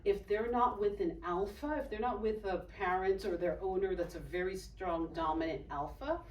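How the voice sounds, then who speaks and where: A woman from Haiti giving a testimony sermon, telling a story with animated delivery and acting out the voices of the people in it. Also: medium pitch, moderate pace. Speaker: speaker. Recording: echoey hall, distant mic.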